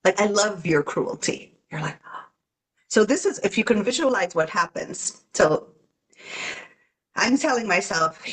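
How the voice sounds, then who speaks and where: A woman's voice: mid-range voice, lively intonation, a little slow, long pauses, slightly rough. A woman talking earnestly about self-love on a podcast, acting out her inner voices with gasps. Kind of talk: casual podcast chat.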